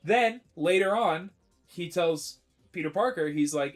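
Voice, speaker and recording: A man's voice: on the high side, fast talker, faint music behind. A man on a live stream, chatting casually in an opinionated, rambling way and often correcting himself mid-sentence.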